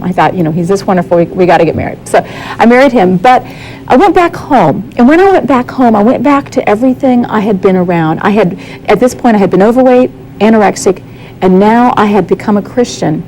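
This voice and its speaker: A woman's voice: medium pitch, fairly quick, darkish tone, slight background noise, low-quality recording. A woman giving a candid, earnest personal testimony as a guest on a talk show, often acting out the dialogue she quotes.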